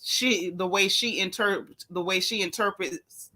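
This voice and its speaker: Bright-voiced opinionated woman host. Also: mid-range voice, measured pace. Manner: emphatic, opinionated, talks it through at length. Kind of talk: casual chat.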